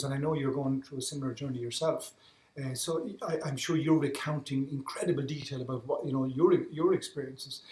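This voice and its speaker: Irish guy telling his story on a podcast, keeps repeating words, kinda echoey. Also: a little high. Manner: earnest, often repeats words while restarting phrases. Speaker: guest, endurance athlete. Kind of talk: reflective storytelling in conversation. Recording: roomy echo.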